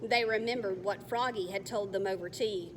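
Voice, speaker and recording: A woman reading a children's novel aloud in a careful, measured way. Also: mid-range voice. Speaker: narrator. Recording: faint long reverb, faint hiss.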